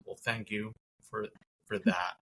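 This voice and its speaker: A man on a podcast recounts his own experience in a loose, conversational way. His voice is bright and forward. He trails off and restarts his sentences often. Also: lowish voice, expressive, creaky, a little hiss or hum. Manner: halting, many restarts and fillers. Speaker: podcast guest. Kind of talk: conversational storytelling.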